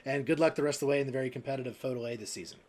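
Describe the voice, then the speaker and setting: A man's voice: mid-range voice, very fast, a little mellow. A man hosting an online darts league broadcast, interviewing players after their matches in a loose, casual way. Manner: casual, rambling questions with fillers. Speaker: host and commentator.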